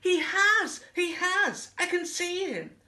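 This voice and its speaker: A woman's voice: a little high, sing-song, slow pace, fairly bright tone, voice pushed up, exaggerated voice. A woman reading a picture book aloud, voicing an eager, giggly elephant from the herd. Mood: excited.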